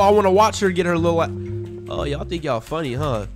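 A young man, riffing loudly over a game while faint game music plays behind him. His pitch jumps all over the place as he taunts and yelps at the players. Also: lively intonation, a little fast. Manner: loud, taunting trash talk with sudden yelps. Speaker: gaming streamer. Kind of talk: excited gameplay commentary.

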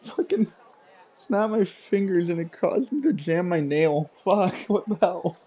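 A man's voice: high-pitched, expressive, measured pace, dark tone, husky, muffled recording. A young man casually playing through a visual novel, reading it aloud with offhand, laughing remarks. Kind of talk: casual let's-play commentary.

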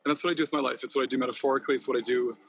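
A man's voice: mid-range voice, fairly even intonation, very fast, fairly bright tone, husky. A man talking passionately in a casual podcast interview, rambling and swearing freely. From Northern California. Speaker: podcast guest, company founder.

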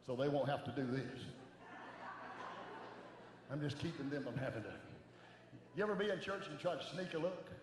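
A middle-aged man preaching a sermon as an evangelist, animated, swinging from soft asides to shouting. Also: fairly high pitch, moderate pace, long pauses, noisy background. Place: large church sanctuary. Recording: echoey church hall with long reverb.

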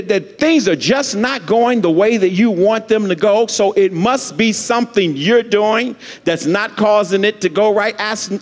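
A man preaching a sermon as pastor, with lots of repetition and call-and-response lines for the congregation. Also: high-pitched. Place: church sanctuary. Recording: long church hall reverb.

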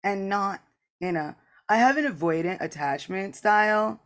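Speaking a little slowly in a medium-pitched, fairly bright and animated voice, a woman hosts a candid spiritual podcast. She's earnest and reflective, says "like" a lot, and often performs both sides of conversations from memory.

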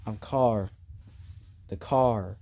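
A dazed race car who has forgotten who he is, put on by a man. He speaks slowly in a low, flat and confused way, like a home-made toy car skit. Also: vocal fry, heavily acted. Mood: stubborn.

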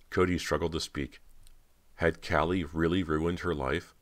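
A man with an extremely deep voice narrates a horror audiobook. His reading is measured and dramatic. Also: steady tone.

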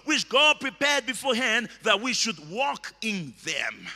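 A man preaching a sermon, emphatic and repetitive, bursting into shouted words. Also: very high-pitched, lively intonation, moderate pace, creaky, few pauses, big-room sound. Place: church hall.

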